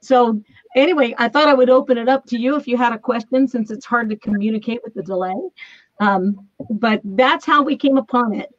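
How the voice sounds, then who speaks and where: A woman's voice: a little high, fairly quick, dry recording. A woman telling a spiritual story in a casual chat over a remote call, laughing often and acting out the voices she quotes. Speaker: guest. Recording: dull lo-fi remote call audio.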